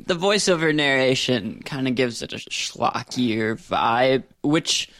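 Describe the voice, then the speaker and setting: A man in casual podcast chat, calmly weighing up the strengths and flaws of a movie. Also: mid-range voice, slow, no room sound, clean studio sound.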